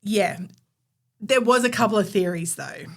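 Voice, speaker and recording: A woman's voice: medium pitch, a little slow. A woman, co-hosting a podcast and telling a history story in a chatty, opinionated way. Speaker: podcast co-host. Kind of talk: casual storytelling chat.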